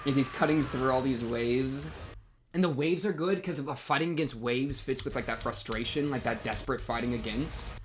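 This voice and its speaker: Excitable young man gushing, "bro" everywhere. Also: medium pitch, moderate pace, slight background noise. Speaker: anime reaction host. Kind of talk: casual reaction commentary.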